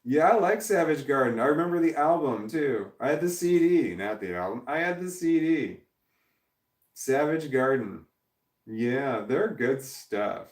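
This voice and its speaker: A man's voice: mid-range voice, animated, unhurried. A man hosting a casual live stream, rambling as he reads chat messages aloud and laughs often, his voice prone to cracking when tired. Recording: echoey room, distant from the mic.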